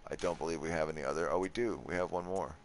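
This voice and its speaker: Man, deep voice; laid-back gameplay commentator who thinks aloud. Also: rapid-fire, slight background noise. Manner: relaxed, thinks aloud, swears at enemies. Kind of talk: casual let's play commentary.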